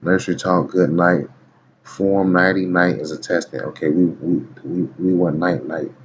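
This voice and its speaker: A man's voice: low voice, fairly even intonation, normal speed. A man reading dictionary entries aloud in a casual video, stopping often to tell the listener to watch and keep listening. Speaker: video blogger. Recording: dull lo-fi recording with faint background noise.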